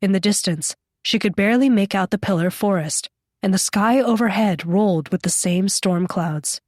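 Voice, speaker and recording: A woman reading a horror novel aloud as an audiobook narrator, in a steady, measured style. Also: mid-range voice, dry recording, studio quality. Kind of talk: scripted narration.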